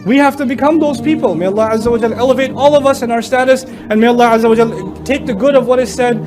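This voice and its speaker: A middle-aged man giving a lively sermon to young people, acting out family quotes in a higher voice. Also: fast. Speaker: Islamic speaker. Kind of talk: lively sermon talk to youth. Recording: lecture with music underneath.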